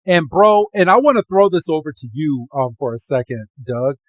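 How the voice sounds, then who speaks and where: Podcast co-host, animated recapper, higher voice, dry and slightly dull sound. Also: male voice, normal speed, dry recording. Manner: animated, fond of acting out quotes. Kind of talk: casual movie recap.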